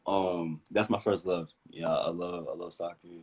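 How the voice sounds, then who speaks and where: A young man speaking as the guest of a casual live-stream interview, relaxed and laid-back, laughing easily. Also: low voice, normal speed, slightly rough, rough recording. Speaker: guest athlete.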